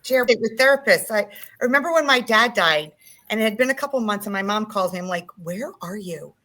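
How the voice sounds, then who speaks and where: A woman real estate agent speaking on a panel, telling emotional, animated stories about hard times. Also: mid-range voice, a little fast, rough recording. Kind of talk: candid panel talk.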